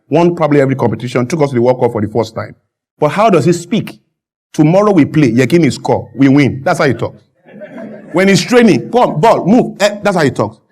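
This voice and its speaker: A Nigerian man, a guest on a talk show, arguing with fervour, repeating his points and building up to shouted emphasis. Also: a little high. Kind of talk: impassioned studio interview.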